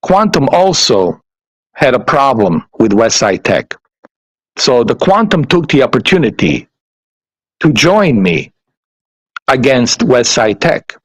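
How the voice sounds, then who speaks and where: A man's voice: medium pitch, slow pace, pauses often, no echo, low-quality recording. Ranting man with profane, repetitive talk. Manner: animated, profane, repeats himself. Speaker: YouTuber. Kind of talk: casual ranting monologue.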